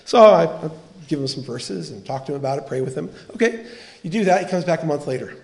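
Earnest preacher man, fairly high voice. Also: fast, creaky. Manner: earnest, animated storytelling with quoted dialogue. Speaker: pastor. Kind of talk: sermon.

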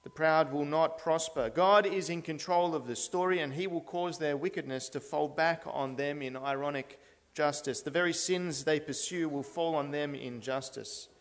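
A man's voice: a little high, normal speed. A man with a slightly raised voice preaches an earnest sermon in a church. He builds steadily toward emphatic declarations. His words ring out with the long reverb of a large hall. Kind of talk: expository sermon.

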